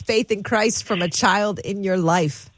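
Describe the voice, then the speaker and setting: A woman's voice: medium pitch, measured pace, no echo, studio quality. A woman co-hosting a call-in radio talk show, introducing callers and reflecting on their stories. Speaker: radio co-host.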